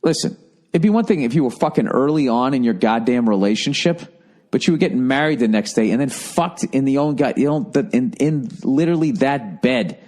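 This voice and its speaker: A man's voice: medium pitch, animated, brisk, darkish tone. An American man hosting a podcast, talking bluntly and profanely, sarcastic, giving advice in casual chat. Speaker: podcast host.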